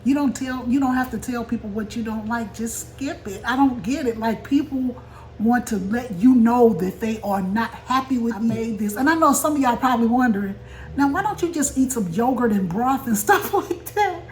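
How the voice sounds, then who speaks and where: A chatty older woman with a slightly high voice hosts a casual home vlog at her kitchen table. She talks straight to her viewers and laughs often as she goes, with a faint hum of room noise behind her. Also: normal speed. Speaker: vlog host. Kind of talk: casual mukbang chat.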